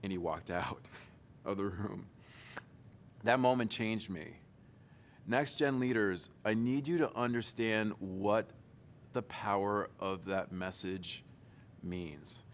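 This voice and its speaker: A man's voice: on the low side, slow pace, long pauses, a little hiss or hum. A young adult man giving a storytelling keynote talk, playful and teasing his audience. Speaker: motivational speaker.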